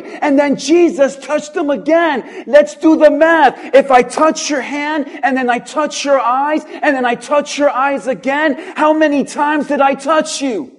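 High-voiced, slow-preaching man pastor. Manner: preaching with repeated rising calls, at times shouting. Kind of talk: sermon. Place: church.

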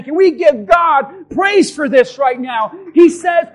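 A male pastor preaching a sermon in church, impassioned and shouting for emphasis. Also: extremely high pitch, lively intonation, slow, hardly any pauses.

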